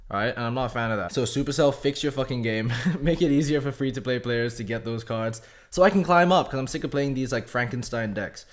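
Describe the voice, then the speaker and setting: Rambling, swearing young gamer man. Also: mid-range voice. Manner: rambling, profane, self-mocking. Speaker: gaming channel host. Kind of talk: casual game commentary.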